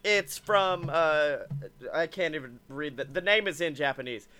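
Dude podcast host, laughs a lot, swears, tense bright voice. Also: male voice, fairly high pitch, unhurried. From Alabama, USA. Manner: laughs often, profane, joking. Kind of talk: casual comedic chat.

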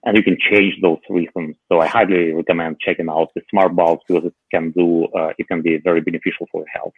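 Man, podcast co-host, casual tech chat, hesitant fillers, husky, tinny phone line. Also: low voice, little pitch movement, brisk, no echo. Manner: hesitant, many filler sounds.

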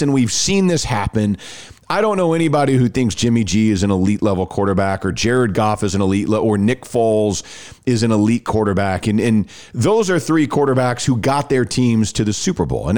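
A man co-hosting a sports podcast in casual chat, restarting sentences as he talks, and also reading ads. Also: mid-range voice. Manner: animated, repeats words when starting sentences. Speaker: podcast co-host. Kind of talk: casual sports talk and ad reads.

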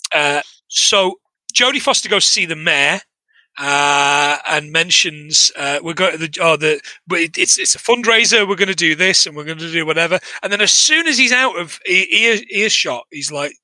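A man's voice: a little high, animated, normal speed, sharp tone, no room sound, poor audio. An English man co-hosting a podcast, chatting casually about a film with lots of swearing and restarts. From England. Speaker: podcast co-host. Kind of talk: casual chat recapping a film.

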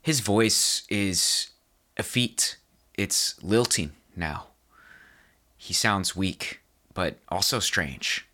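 Man, game master narration, low pitch, bright tone. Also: expressive. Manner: descriptive, measured narration with restarts. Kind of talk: narrating a tabletop horror game.

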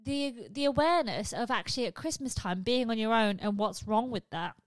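Fast-talking sweary woman podcast host. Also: on the high side, expressive, no room sound. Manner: frank, sweary, self-mocking. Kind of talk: comic confessional storytelling.

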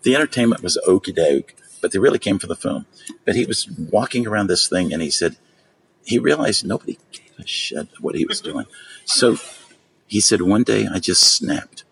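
A man telling stories in casual chat, acting out the people he quotes with lively jumps in his voice. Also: normal speed, gravelly, slight background noise, rough recording. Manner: animated storyteller, acts out quotes with big pitch jumps. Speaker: magician and storyteller guest.

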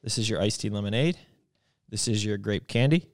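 A man's voice: on the low side, fairly quick. A man hosting a casual chat, running through product release dates with loose, joking asides. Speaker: host.

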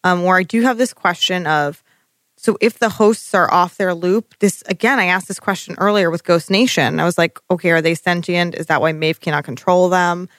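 Chatty co-host, laughs a lot, mid pitch, dry close mic. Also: normal speed, no echo. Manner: chatty, laughs often, thinks out loud, swears. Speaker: podcast co-host. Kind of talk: casual recap chat.

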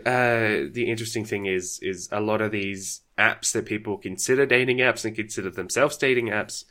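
A man's voice: fairly low pitch, normal speed, bright, forceful tone. A man talking thoughtfully and hesitantly in a casual podcast chat, with many fillers.

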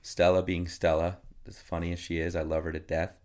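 A man in his thirties with a notably deep voice, chatting as a podcast guest. He tells stories about his family casually and animatedly. He jumps into voices for his kids as he goes. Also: fairly quick. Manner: animated storyteller who acts out his kids. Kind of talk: casual storytelling.

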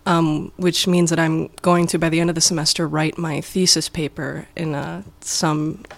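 A woman's voice: sits low, flat delivery, normal speed, vocal fry. A young woman from Minnesota, a podcast guest, talking eagerly in casual chat with many likes and ums. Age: young adult.

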